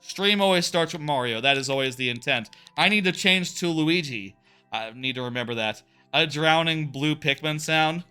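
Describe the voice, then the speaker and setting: Male streamer, higher than average, crisp and smooth; relaxed chat with viewers over gameplay. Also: moderate pace, faint music behind. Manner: chatty, answers viewer chat between plays. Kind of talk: casual live-stream chat while gaming.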